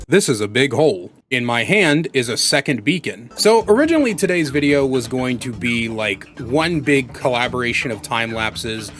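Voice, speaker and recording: A man's voice: mid-range voice, expressive, normal speed, hardly any pauses, a bit bright, soft background music. A man giving casual, rambling commentary as he plays a block-building game, sometimes yelping and pleading in panic. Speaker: Minecraft let's play host.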